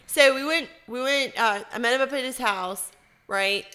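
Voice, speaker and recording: A woman co-hosting a casual podcast, her voice fairly high and bright. She tells stories in a lively, crude, profane way. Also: normal speed. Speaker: podcast co-host. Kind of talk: casual chat.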